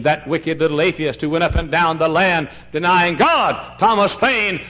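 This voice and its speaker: A man, a pastor, preaching a fiery sermon in a church, shouting one moment and dropping to a hush the next. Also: fairly high pitch. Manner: fiery preaching, swings from shouts to hushed tones. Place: church sanctuary. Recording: dull lo-fi recording.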